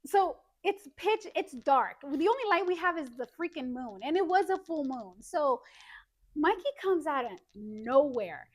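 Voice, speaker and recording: A woman with a high, slightly slow voice co-hosts a podcast, telling a story in casual conversation. She's animated and acts out what people said.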